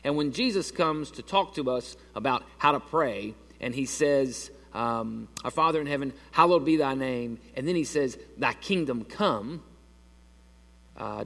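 Folksy pastor in a reverberant church. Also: male voice, a little high, fairly bright tone. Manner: conversational storytelling with many restarts. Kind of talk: sermon. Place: church sanctuary.

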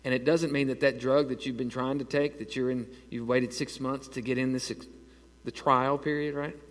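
A man in his thirties preaching a conversational sermon and telling stories with growing excitement. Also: medium pitch, normal speed, long reverb tail. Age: 30s. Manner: conversational preaching, animated storytelling. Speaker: pastor.

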